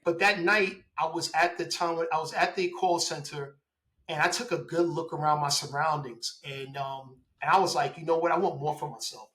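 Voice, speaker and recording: A man in his forties tells his story in a relaxed interview. His voice sits a little high and sounds very bright and forward. He talks in an animated way and acts out the dialogue he quotes. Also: moderate pace, poor audio. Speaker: guest, police officer.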